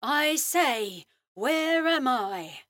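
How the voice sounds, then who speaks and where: A woman's voice: sits high, expressive, extremely slow, a bit bright, dry recording, full character voice. Lead: a woman playing a playful, plummy Victorian mischief-maker in an audio comedy, with a dry close sound. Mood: mischievous. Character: mischievous young Victorian lady, Maggie.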